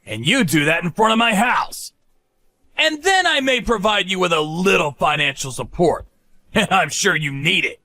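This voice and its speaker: A man's voice: sits high, lively intonation, moderate pace, bright, forceful tone, exaggerated voice. A man voicing a cruel, contemptuous middle-aged ex-husband who taunts his former wife. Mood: scornful.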